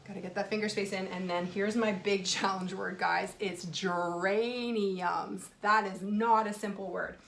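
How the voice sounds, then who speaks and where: A woman kindergarten teacher giving a video lesson for young children, stretching out words slowly as she sounds them out. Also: medium pitch. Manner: slow, drawn-out sounding out of words, warm encouraging. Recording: echoey room.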